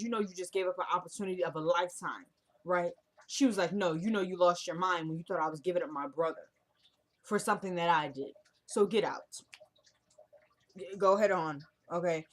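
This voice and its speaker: A young woman runs through the latest episode of a TV show in a loose, chatty recap. She is animated and acts out the characters' lines as she goes, at a middling pitch for a woman. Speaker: TV episode reviewer. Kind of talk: casual chat recap.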